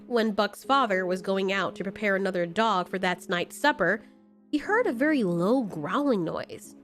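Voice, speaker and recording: A woman narrating a scripted horror story in a slow, measured way with dramatic pauses. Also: medium pitch. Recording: faint background music.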